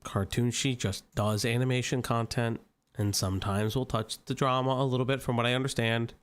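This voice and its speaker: A man's voice: medium pitch, steady tone, brisk. A man with an Italian American accent doing reaction commentary, profane and mocking. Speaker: commentary streamer.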